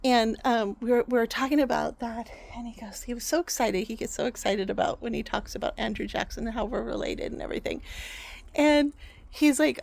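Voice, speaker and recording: A woman's voice: on the high side, fairly quick, gravelly, darkish tone. A woman vlogger casually telling a fond family story, rambling and correcting herself as she goes.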